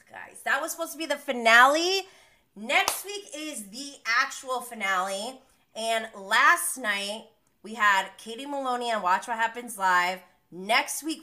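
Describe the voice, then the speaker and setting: Young woman, casual live recapper, bright tense tone, blunt and sweary. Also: on the high side. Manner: animated, blunt and swears freely. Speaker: live-streaming reality TV recapper.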